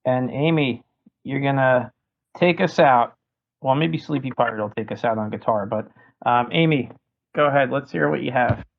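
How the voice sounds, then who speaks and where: A man's voice: medium pitch, moderate pace, creaky. Man hosting over a tinny line. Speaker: host. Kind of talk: moderating a voice chat.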